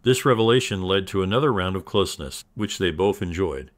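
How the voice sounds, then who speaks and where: A man reading a scripted story in an even, measured storytelling manner. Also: low-pitched. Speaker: narrator. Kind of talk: scripted narration.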